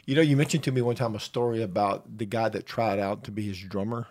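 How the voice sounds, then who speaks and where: A man's voice: lowish voice, fairly even intonation, fast, darkish tone. A man hosting a casual interview, prompting his guest and agreeing often. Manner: prompting, frequent agreeing backchannel. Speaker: interviewer host.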